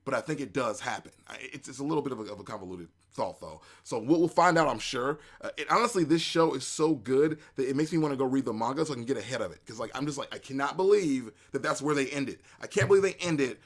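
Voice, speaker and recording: A man hosting a casual spoken review, excitable and rambling, with many fillers and restarts. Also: medium pitch, fast talker, few pauses. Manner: acts out reactions in quoted asides. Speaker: anime reviewer, show host.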